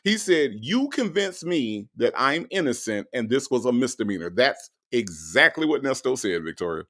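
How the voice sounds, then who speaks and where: Gravelly-voiced man, livestream host, animated and slangy, lively swings in pitch. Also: normal speed. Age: 40s. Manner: animated, loud bursts, laughing, slangy. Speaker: livestream host reading chat. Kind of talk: casual livestream commentary.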